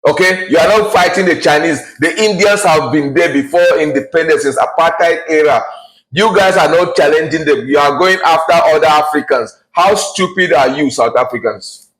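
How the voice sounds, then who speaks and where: A man in his forties rants bluntly to camera. He sounds heated and scornful, and he often restarts and fills pauses with uh. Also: on the high side, a bit bright, low-quality recording. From Nigeria. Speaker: vlogger. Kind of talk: ranting to camera.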